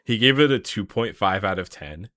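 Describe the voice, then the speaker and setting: Podcast co-host, young man, low voice, eager and chatty, dry recording. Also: normal speed, no echo. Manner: chatty, excited, laughs often. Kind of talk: casual podcast chat.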